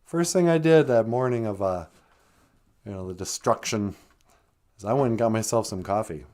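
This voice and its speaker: A man's voice: on the low side, normal speed, darkish tone. A man hosting a livestream show, telling stories in a rambling, joking way and laughing often. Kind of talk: casual storytelling chat.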